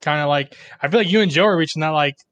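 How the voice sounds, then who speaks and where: Man, rapid slangy podcast chat, lots of fillers, dry close sound. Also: fairly high pitch, fairly bright tone, dry recording. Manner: fast slangy chatter with many likes and bros. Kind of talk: casual chat.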